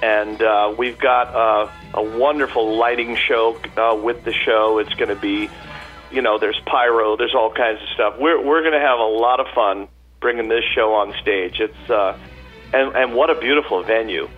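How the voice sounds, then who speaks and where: A man's voice: fairly low pitch, steady tone, moderate pace, muffled recording, faint music behind. A man guest on a radio interview, a chatty storyteller with many fillers and restarts. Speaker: tribute performer guest.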